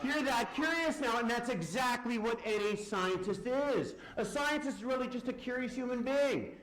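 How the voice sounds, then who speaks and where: In a large lecture hall with an echoey sound, a science lecturer with a very high-pitched voice gives a live physics demonstration at normal speed. He's lively, firing questions at the audience and answering them himself.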